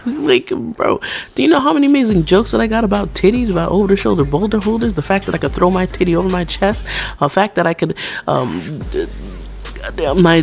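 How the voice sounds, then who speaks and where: Woman vlogger ranting, swears a lot, rambly and self-roasting, real gravelly voice. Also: medium pitch, animated, brisk, a little mellow, faint music behind. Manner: rambling, profane, self-deprecating; blunt and frank. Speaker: PNGtuber vlogger. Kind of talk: off-the-cuff rant.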